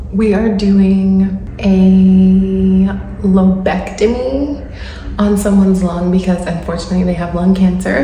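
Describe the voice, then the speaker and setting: A woman's voice: medium pitch, dark tone, a little hiss or hum. Chatty young woman vlogging. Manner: chatty and candid, peppered with "like". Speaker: medical student vlogger. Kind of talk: casual vlog chat to camera.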